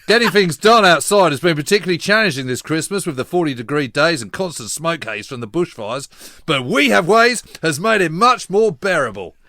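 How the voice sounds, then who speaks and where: Brief: man doing a friendly Australian listener, breezy and drawn-out. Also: on the high side, expressive, pushed and bright, no echo, studio quality. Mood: cheerful. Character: cheerful male Australian listener.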